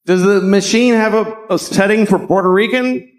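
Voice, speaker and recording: A man's voice: high voice, normal speed. A middle-aged man doing stand-up comedy in a sarcastic, profane way, slipping into mocking voices.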